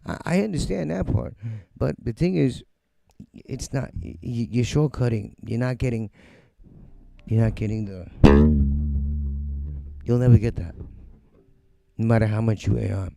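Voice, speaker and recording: A middle-aged man hosts a music livestream from his home studio, ranting bluntly and profanely in a casual, animated way and mocking others in quoted voices. His mid-range voice is gravelly, his pace measured, with long pauses.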